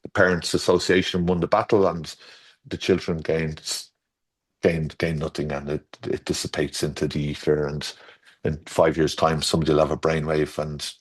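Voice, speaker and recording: Irish guy, middle aged, really low voice, rambles on with stories and does little voices for quotes. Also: flat delivery, normal speed, slightly rough. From Ireland. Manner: rambling storyteller, restarts, acts out quotes with shifting pitch. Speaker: garden designer guest. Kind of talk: casual conversational interview.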